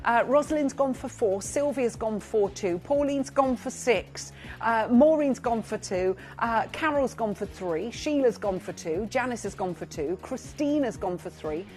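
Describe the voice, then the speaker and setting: Woman, TV shopping presenter, chatty, gushing, slight throat clearing, faint music. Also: fairly high pitch, lively intonation, a little slow, a little mellow. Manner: chatty, gushing, reads out buyers' names. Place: TV studio.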